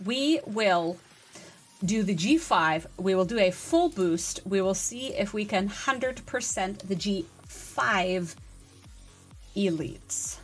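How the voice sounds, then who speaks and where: A woman game streamer chatting casually on a live stream, reading and answering chat with excitable energy. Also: medium pitch.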